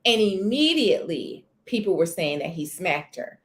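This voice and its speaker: With a lowish voice that swings widely in pitch, this livestream host talks at normal speed about celebrity news. She sits in a corner of her home by a sunny window, greeting viewers in the chat by name in an expressive, casual way.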